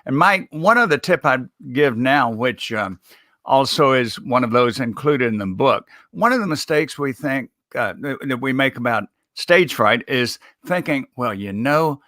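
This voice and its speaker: Male communication consultant, bright and instructive, dry close sound. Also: mid-range voice, dry recording. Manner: measured, instructive, chuckles while making points. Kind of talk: live show interview.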